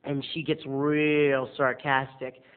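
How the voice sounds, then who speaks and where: A man's voice: mid-range voice, level tone, slow, smooth. A man telling a dramatic, gossipy story to the camera as a video blogger. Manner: theatrical, gossipy, punchy delivery. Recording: tinny phone-like lo-fi audio.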